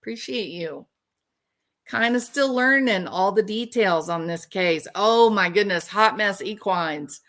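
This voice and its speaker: A woman's voice: mid-range voice, unhurried, fairly bright tone. A woman hosting a true crime livestream, talking casually and animatedly, laughing and mocking people with impressions.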